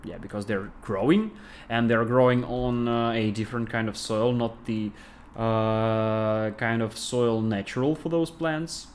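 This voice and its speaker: A man with a Russian accent, a game developer thinking aloud with many pauses and fillers as he plays on a casual livestream. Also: medium pitch, steady tone, slight background noise. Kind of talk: casual livestream gameplay commentary.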